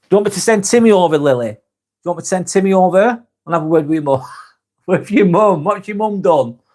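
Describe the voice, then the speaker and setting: A man with a voice pitched a little above the usual male range hosts a relaxed live stream. He reads out viewers' comments and answers them bluntly and frankly. He swears constantly and keeps the talk casual. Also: fairly quick.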